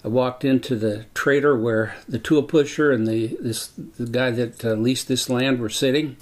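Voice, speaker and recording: A man in his eighties telling a story from his working life in a measured, deliberate way. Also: medium pitch. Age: 80s. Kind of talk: personal storytelling.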